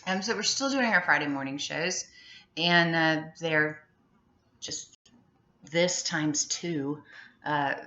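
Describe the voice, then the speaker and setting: A woman's voice: deep voice, takes it slowly, pauses often, bright, forceful tone. A middle-aged woman chatting in a loose, rambling vlog monologue, full of fillers and giggles. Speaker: vlogger. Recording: muffled, echoey room.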